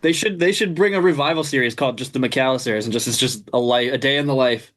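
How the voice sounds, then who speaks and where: A man's voice: mid-range voice, quick pace, a bit bright. A man co-hosting a casual film review podcast, ranting and swearing often, laughing between points. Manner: swears a lot, rants with laughter. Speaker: podcast co-host.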